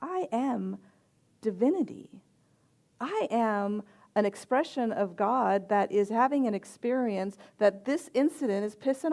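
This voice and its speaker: A middle-aged woman, a reverend and chaplain, giving a sermon with personal stories in a gentle, reflective voice with soft pauses. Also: sits high.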